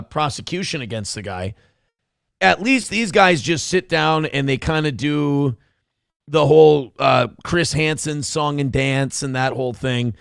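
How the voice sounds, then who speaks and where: A man's voice: on the high side, gravelly, a bit bright, dry recording, studio quality. A man hosting a show, giving blunt, profane, sarcastic commentary over a video clip. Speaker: show host.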